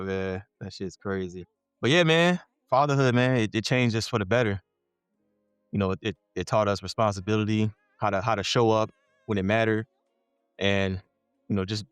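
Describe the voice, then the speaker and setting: A man's voice: lowish voice, clean tone, dry recording. Blunt, cussing podcast host man. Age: adult father. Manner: blunt, swears freely, animated venting. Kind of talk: casual chat.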